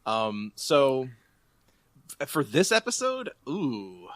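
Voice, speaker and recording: A man's voice: medium pitch, sing-song, takes it slowly, dry recording. A man joining a casual podcast chat as the guest, playful with jokey asides.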